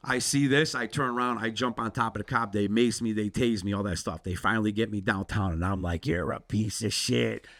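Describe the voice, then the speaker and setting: A man's voice: fairly low pitch, fairly even intonation, brisk, hardly any pauses, a bit bright. A middle-aged man telling a story in casual talk, swearing freely and acting out both sides of the conversations. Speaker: podcast guest.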